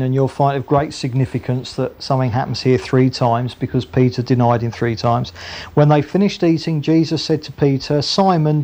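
A man preaching a Bible sermon, acting out the voices of the figures he quotes in a lively way. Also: medium pitch. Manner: animated, acts out the voices of biblical figures.

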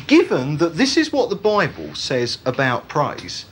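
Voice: medium pitch, wildly swooping pitch, unhurried, a little hiss or hum. A preacher giving an emphatic Bible teaching sermon, often putting rhetorical questions to the congregation.

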